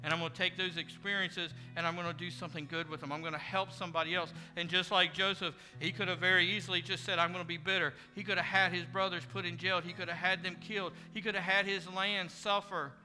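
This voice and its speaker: A man's voice: high voice, level tone, fast, hardly any pauses, sharp tone. A man preaching a sermon as pastor, earnest, acting out imagined prayers and conversations. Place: church sanctuary. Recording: church hall reverb with music behind.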